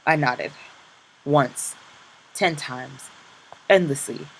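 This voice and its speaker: A man reading a first-person memoir aloud in a slow, somber, hushed way. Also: a little high, vocal fry, slight background noise, poor audio. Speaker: audiobook reader.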